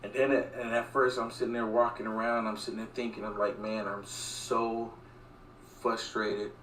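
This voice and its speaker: A man's voice: mid-range voice, flat delivery, quick pace, a bit bright, a little hiss or hum. Earnest vlogging man, distant and echoey. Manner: repetitive, earnest. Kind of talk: vlog monologue.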